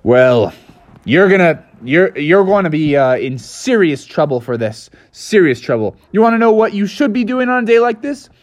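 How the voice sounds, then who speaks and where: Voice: medium pitch, big pitch swings, normal speed, natural voice. An adult storyteller voicing a grumpy, pompous facility owner who scolds. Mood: scolding.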